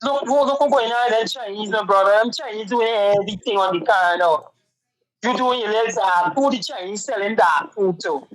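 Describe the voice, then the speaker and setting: An impassioned male co-host. He presses his points again and again in an earnest, fairly high voice, returning to the same phrase over and over. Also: moderate pace, fairly bright tone, low-quality recording. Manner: earnest, keeps repeating "my brother". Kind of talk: impassioned talk-show commentary.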